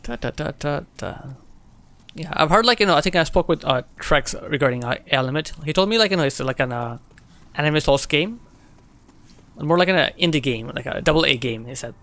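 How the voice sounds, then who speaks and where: A young man with a slightly high voice chats loosely while streaming a game. He answers viewers' messages as they come in and laughs easily between lines. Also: lively intonation, brisk, a bit bright. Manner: chatty, laughs often, reads and answers chat. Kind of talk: casual gameplay chat with viewers.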